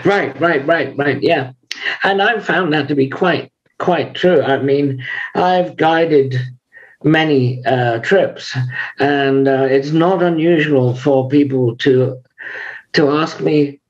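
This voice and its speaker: An older man being interviewed as a guest, speaking in a measured, unhurried way with frequent pauses. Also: on the high side, dull audio. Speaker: guest, author and lama. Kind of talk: conversational interview.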